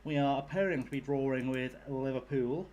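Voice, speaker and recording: A young man chatting casually to viewers while he streams a game. He rambles and jokes, swearing freely, in a voice of middling pitch. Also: normal speed, darkish tone. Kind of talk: casual live-stream chat.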